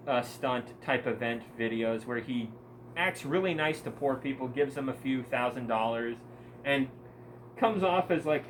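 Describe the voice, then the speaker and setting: A man's voice: medium pitch, slight background noise, poor audio. Profane young man ranting angrily. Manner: angry, profane, scornful ranting with mocking asides. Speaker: vlogger. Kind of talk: ranting monologue.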